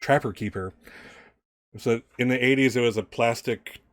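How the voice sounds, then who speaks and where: A man narrating as game master, chatty and quick to laugh. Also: mid-range voice, dry recording, studio quality. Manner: chatty, laughs often, restarts.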